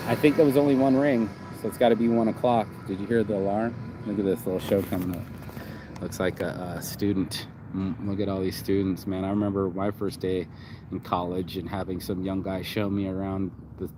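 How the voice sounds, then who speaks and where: A man's voice: low voice, noisy background. A man in his forties talking outdoors in a rambling, reflective vlog, with lots of "you know". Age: 40s. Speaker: vlogger. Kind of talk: casual outdoor vlog monologue. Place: outdoors on a campus.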